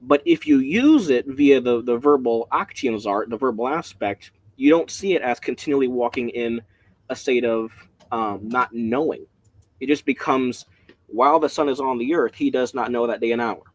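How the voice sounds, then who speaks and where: A man leading a casual Bible study, rambling and excitable, often breaking off mid-sentence, speaking from home. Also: mid-range voice, normal speed, dry recording. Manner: rambling, excitable, self-interrupting.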